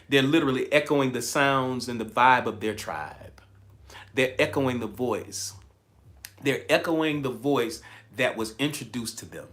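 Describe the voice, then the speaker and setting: A man hosting a live-streamed coaching talk, repeating key phrases and greeting viewers by name with lots of energy. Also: medium pitch. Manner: energetic, repetitive, chatty with viewers. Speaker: livestream host and coach.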